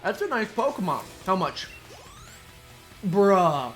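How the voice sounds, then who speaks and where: A man's voice: on the high side, moderate pace, a bit bright. A man giving casual, playful commentary while playing a video game, chatting and muttering asides. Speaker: let's play streamer. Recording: faint game music behind.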